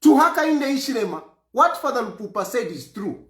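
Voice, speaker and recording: A man's voice: very high voice, very animated, brisk, fairly bright tone, roomy sound. A man from Zambia giving an emphatic political statement, repeating phrases for force.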